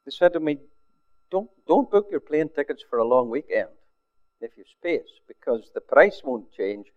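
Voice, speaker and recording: An older man, a pastor, telling a story in a sermon, often dropping his voice to a near hush for quoted words. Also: fairly high pitch, very animated, moderate pace. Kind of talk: sermon testimony. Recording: phone-like narrow sound.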